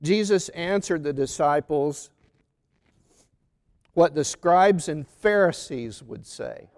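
A man preaching a sermon on a Gospel reading, slow and deliberate, stressing lists of words one by one. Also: fairly high pitch, darkish tone, in a large hall.

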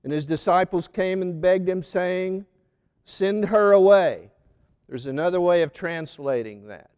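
A man delivers a sermon with slow, deliberate phrasing, weighing each word. His voice sits high and comes through clear and smooth. Long reverb hangs behind him, as in a large church. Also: darkish tone. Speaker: preacher. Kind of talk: sermon on a Gospel reading.

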